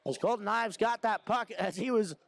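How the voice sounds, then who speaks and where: A young man giving fast running play-by-play of a hockey game, shouting when shots and goals come. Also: high-pitched. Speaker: play-by-play commentator. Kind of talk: amateur hockey play-by-play commentary.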